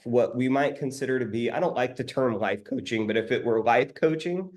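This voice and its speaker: A man's voice: medium pitch, a little mellow. Man giving an emphatic motivational talk. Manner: emphatic, repeats key phrases slowly. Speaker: life coach.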